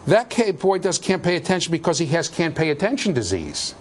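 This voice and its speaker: Animated, jokey male lecturer. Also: a little high, brisk, slight background noise. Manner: animated, jokey, shouts for emphasis. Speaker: university lecturer. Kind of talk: classroom lecture. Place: lecture hall with students.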